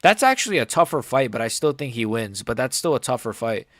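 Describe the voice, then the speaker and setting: A young man hosting a live fight reaction stream, rambling casually with lots of "like" and "bro" while his voice sometimes cracks high. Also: big pitch swings, brisk, no echo, studio quality. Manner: rambling, filler-heavy, says "like" and "bro" often. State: voice cracking upward at times.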